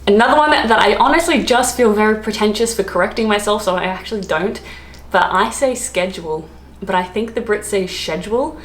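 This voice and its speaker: A woman's voice: medium pitch, fairly quick. An Australian woman chatting casually to camera as a vlogger, self-deprecating and laughing often. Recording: echoey room.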